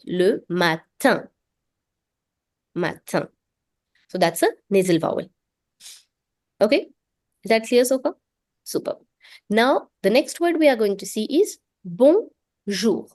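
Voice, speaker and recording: A patient woman teaching an online French class, her voice at an ordinary middle pitch. She spells out sounds slowly and has students repeat them after her. The recording is dry and close, with no room sound. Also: darkish tone, dry recording. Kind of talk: online language lesson.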